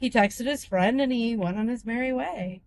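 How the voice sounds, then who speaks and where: A woman with a fairly high voice tells a rambling story. She is chatty and sometimes stops to search for a word. A faint hiss of noise sits behind her. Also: normal speed, darkish tone. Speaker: passenger. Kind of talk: casual chat.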